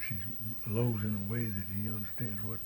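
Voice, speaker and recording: An older man talks in a fairly low voice. He answers in short, plainspoken, drawling bits. A faint hiss sits underneath. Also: flat delivery, normal speed, warm tone, low-quality recording. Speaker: interviewee. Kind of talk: casual rural dialect interview.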